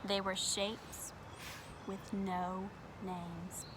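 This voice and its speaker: A woman reading a picture book aloud to children at home, gentle and expressive, talking straight to her young viewers. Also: medium pitch, extremely slow, background noise.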